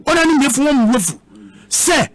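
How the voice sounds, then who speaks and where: A man's voice: extremely high pitch, sing-song, a little fast, fairly bright tone. A man with a Ghanaian accent, arguing heatedly as a guest in a radio debate, combative and repeating words for emphasis.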